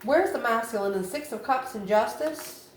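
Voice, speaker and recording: A woman's voice: on the high side, lively intonation, moderate pace. A woman reading tarot cards in a loose, chatty way, calling the listener honey and laughing between cards. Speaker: tarot reader. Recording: roomy echo, faint ambient noise.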